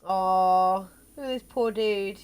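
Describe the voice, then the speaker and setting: A woman's voice: mid-range voice, slow pace, a little mellow, a little hiss or hum. A tired woman streaming a game live, chatting in a rambling way with fillers and laughs. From South West England. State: yawning, tired. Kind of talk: casual live gameplay chat.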